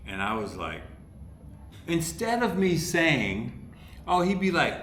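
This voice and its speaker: A man's voice: on the high side, measured pace, long pauses. A man from Ohio, a podcast guest, telling stories in casual chat and acting out the people he quotes. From Ohio, USA. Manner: animated storyteller who acts out the people he quotes. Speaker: podcast guest, comedy writer. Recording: echoey room with faint background noise.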